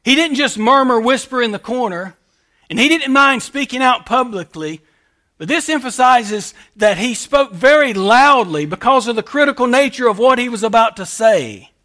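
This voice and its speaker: A man delivers a sermon from the pulpit in a strikingly high voice with a bright, ringing edge. He drives his points home by repeating them, rising to loud emphasis and then falling to near-quiet urgency. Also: expressive, normal speed. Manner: preaching with emphatic repetition and swings between loud and soft. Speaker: pastor.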